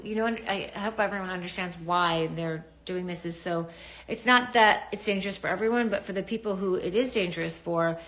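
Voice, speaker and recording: A middle-aged woman talks straight to her viewers on a live stream. Her voice sits a little low, and her delivery is chatty, reassuring and informal. It sounds like it is picked up by a phone or laptop mic. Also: a bit bright. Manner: chatty, reassuring, greets commenters. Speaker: livestream host talking to viewers. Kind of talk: casual live-stream chat.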